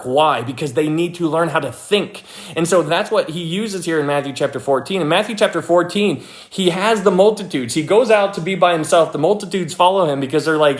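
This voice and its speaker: A young man with a fairly high voice walks through scripture in an easygoing, chatty way. He leans on fillers and restarts, then livens up as he plays out everyday scenes. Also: fairly quick. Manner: informal, many fillers like "like" and "you know", animated when acting out scenes. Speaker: Bible teacher. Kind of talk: casual Bible study talk.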